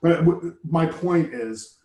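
A man's voice: on the high side, slow, warm tone. A man chatting casually and enthusiastically, rambling between thoughts and joking about himself. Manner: enthusiastic, rambling, self-deprecating. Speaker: conversation partner. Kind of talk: casual chat. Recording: roomy echo.

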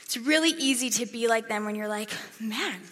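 A woman's voice: fairly high pitch, brisk, a bit bright. A young woman giving a casual, chatty sermon, acting out crowd voices as she tells the story. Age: young adult. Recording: echoey hall reverb.

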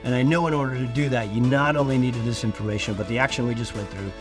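A man's voice: medium pitch, steady tone, fast talker, over music. Earnest man hosting a podcast. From Iowa. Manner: earnest, emphatic, preacher-like. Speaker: podcast host. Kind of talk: podcast monologue.

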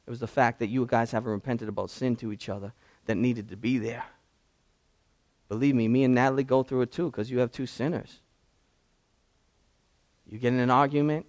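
Casting note: male pastor, conversational preacher who builds to loud, fervent peaks; mid-pitched voice. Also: steady tone, fairly quick. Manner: conversational preaching, rising to impassioned shouting. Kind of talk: sermon.

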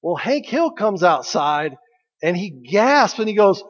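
A man's voice: sits high, expressive, moderate pace. A man preaching a sermon as a pastor, speaking in a conversational, joking way and asking the congregation questions. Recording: dull audio with long hall reverb.

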